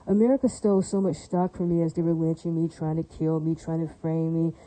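A woman's voice: low-pitched, fairly even intonation, fairly quick, dark tone, low-quality recording. A woman delivering a heated, rambling monologue, repeating herself and circling back to the same verbal tics. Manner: heated and defiant. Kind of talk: ranting monologue.

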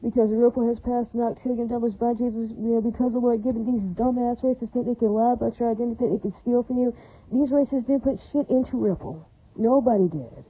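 A woman's voice: on the high side, steady tone, fast talker, dark tone, slightly rough, no echo, poor audio. A woman addressing her viewers in a long, angry, rambling rant, repeating herself and often asking if it makes sense. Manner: ranting, repetitive, keeps asking "does that make sense". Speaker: vlogger.

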